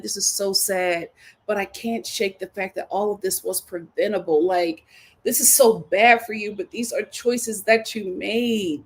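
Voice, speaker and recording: A woman hosting a reality TV recap, blunt and dramatic, acting out quotes in voices. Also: mid-range voice. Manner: blunt, sassy humor. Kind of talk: animated solo commentary.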